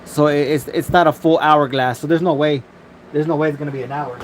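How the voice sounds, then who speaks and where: Man, casual live-stream host, somewhat higher voice, loose cursing chatter over phone mic with faint background noise. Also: steady tone, fairly quick. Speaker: livestream host.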